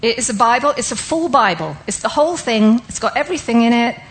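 A woman Bible teacher delivers an interactive sermon, posing questions to listeners and explaining ideas step by step. Her voice is a little high, animated, and quick, and the audio quality is poor.

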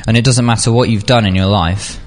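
A man's voice: lowish voice, brisk, slight background noise. Chatty young man giving a youth talk. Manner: chatty, filler-heavy, animated when acting out scenes. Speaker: youth speaker. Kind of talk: informal sermon.

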